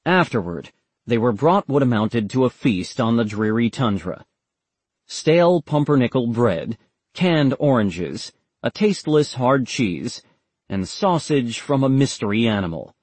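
A male narrator reading an audiobook in a steady, measured voice. His mid-pitched voice has a husky, breathy grain. The recording is dry and close, with no room sound. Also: no echo.

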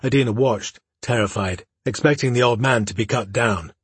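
A man narrating a fantasy audiobook in a steady, even storytelling voice. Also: medium pitch, normal speed, husky, dry recording.

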